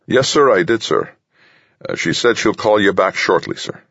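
A man's voice: on the low side, very animated, moderate pace, gravelly, a bit bright, slightly rough, dry recording, dull audio, pitched above the performer's own voice, heavily acted. A man voicing a troubled young captain answering deferentially over the radio. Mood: nervous.

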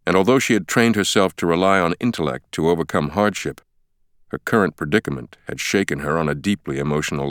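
Deep-voiced man, steady audiobook narration, dry close studio sound. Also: clean tone, no echo. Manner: measured, steady reading. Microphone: close studio mic.

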